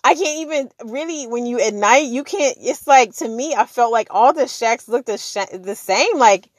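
A woman's voice: a little high, expressive, moderate pace, no echo. A woman telling a personal story in casual chat, acting out the dialogue and laughing often.

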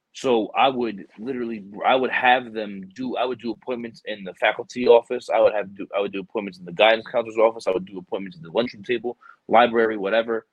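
Husky-voiced man telling rambling stories. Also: medium pitch, no room sound, dull audio. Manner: rambling, animated storytelling with quoted dialogue and swearing. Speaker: military recruiter. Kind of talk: casual chat.

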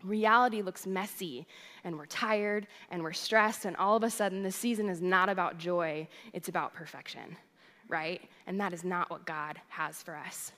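A woman's voice: lowish voice, fairly even intonation, normal speed, a bit bright, long reverb tail. A young adult woman, a worship director, giving a sermon in a chatty storytelling way. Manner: chatty storytelling, addresses crowd as "you guys". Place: church hall.

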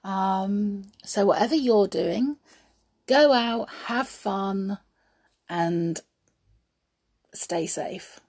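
A woman's voice: mid-range voice, very slow, pauses often, a little mellow, husky. A woman reading a children's story aloud, then chatting in a homely way to her listeners. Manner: chatty, homely, laughing asides.

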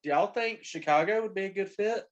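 Higher-voiced male co-host, quick joking interjections, dull sound, other voices around. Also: crowd noise. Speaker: podcast co-host. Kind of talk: casual sports chat.

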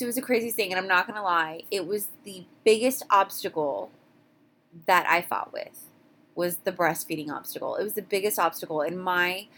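Candid mom podcaster. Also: female voice, lowish voice, a bit bright. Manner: candid, rambling, frequent restarts. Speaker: podcast host. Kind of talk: casual solo podcast talk.

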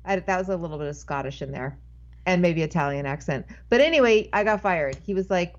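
A woman's voice: fairly low pitch, normal speed. A woman guest tells a long story in loose, casual talk. She keeps breaking off and starting her sentences again. The recording sounds slightly dull and lo-fi. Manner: rambling, self-interrupting storyteller. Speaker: podcast guest. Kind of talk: casual anecdote telling.

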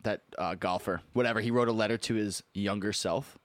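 A man's voice: on the low side, brisk, no room sound. A young man hosting a podcast, talking loosely with lots of fillers, frequent laughs and swearing. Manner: rambling, many fillers, laughs often, swears. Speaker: podcast host. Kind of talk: casual chat.

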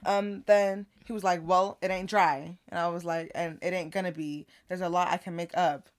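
A woman with a low-set speaking voice tells a story on a casual podcast. She acts out both sides of a text conversation in an animated, laughing way. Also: moderate pace. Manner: animated retelling of text messages, laughing often. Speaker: podcast co-host.

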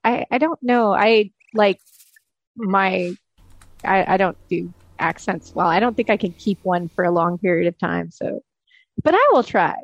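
A woman's voice: medium pitch, animated, unhurried, no room sound, highs cut off. A woman from the US West Coast chatting casually as a tabletop player, easygoing and a bit hesitant. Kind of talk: casual chat.

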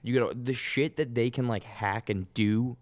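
A young man, co-hosting a podcast and telling stories in a lively, profane way. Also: mid-range voice, normal speed, dry recording. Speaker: podcast co-host. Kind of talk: casual chat.

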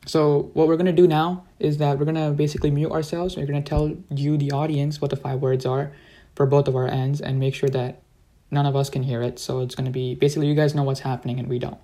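A man's voice: on the high side, level tone, fast talker, warm tone. A teenage boy chatting casually over a video call, easygoing with dry jabs at his friend. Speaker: co-host. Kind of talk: casual game chat.

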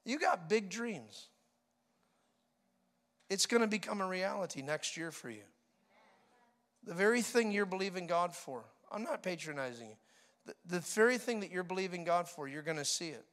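A middle-aged male preacher giving a sermon, telling animated stories and mimicking people's laughter. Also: high-pitched, moderate pace, long pauses.

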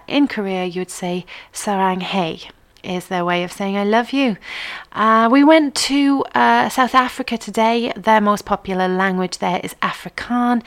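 Woman host, casual live-show chatter, self-mocking about pronunciation. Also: medium pitch. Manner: chatty, laughs at her own pronunciation.

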